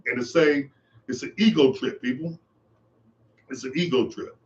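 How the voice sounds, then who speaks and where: A man's voice: medium pitch, moderate pace. Man, podcast host, impassioned monologue, repeats himself, dull lo-fi sound. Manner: impassioned, preachy, repeats phrases. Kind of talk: monologue commentary.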